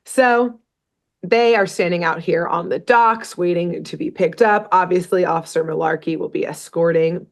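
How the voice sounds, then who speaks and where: A woman's voice: on the low side, normal speed. A woman co-hosting a podcast, casually recapping a cartoon episode as a rambling, joking storyteller. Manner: chatty, rambling storyteller with laughs and asides. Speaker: podcast co-host.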